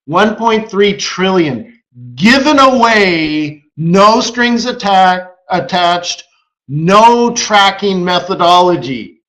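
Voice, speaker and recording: Male webinar host, casual and animated, high-ish voice, echoey lo-fi room sound. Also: slow pace. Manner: animated storyteller who acts out quoted voices. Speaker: forex market strategist and webinar host. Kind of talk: casual live webinar commentary. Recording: echoey room, dull lo-fi audio.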